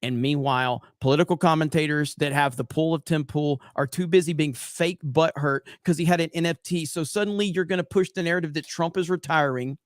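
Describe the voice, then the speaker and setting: A man's voice: fairly high pitch, steady tone. A male political streamer with a slightly raised voice argues heatedly and swears often. The sound is dry and close, with no room echo. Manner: heated, profane, rapid back-and-forth. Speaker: political commentary streamer host. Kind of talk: casual political commentary.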